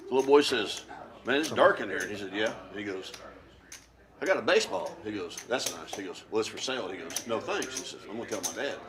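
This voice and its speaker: A man at a poker table telling a long joke, switching quickly between the characters' voices. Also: lowish voice, crowd noise. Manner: animated storyteller, doing quick voices in a joke. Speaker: poker player. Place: poker room livestream.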